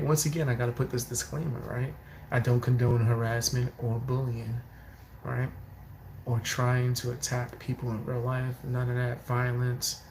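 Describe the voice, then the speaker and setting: Man reacting to clips, gravelly voice, stifled wheezy laughs, faint hiss behind. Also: mid-range voice, rough recording. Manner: laughing and wheezing, holding back loud laughter; animated, quotes people mid-story. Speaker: reaction commentator. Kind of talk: casual reaction commentary.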